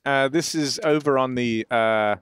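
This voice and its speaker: A man's voice: medium pitch, measured pace, a bit bright, a little hiss or hum. A man casting an esports match live, teasing his co-casters in playful banter. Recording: broadcast with game gunfire behind.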